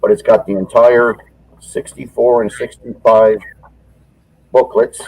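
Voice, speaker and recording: A man's voice: medium pitch, level tone, a little slow, creaky, a little mellow, no room sound, low-quality recording. A man from Michigan on a video call, rambling enthusiastically through a show-and-tell of a collector's item and getting short of breath when he talks long. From Michigan, United States. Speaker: collector sharing items. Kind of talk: casual video chat.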